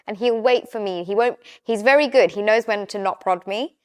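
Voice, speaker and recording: Speaking at a normal speed in a medium-pitched voice, a young adult woman chats casually as a podcast guest. She tells stories with animation, acting out the little exchanges in them.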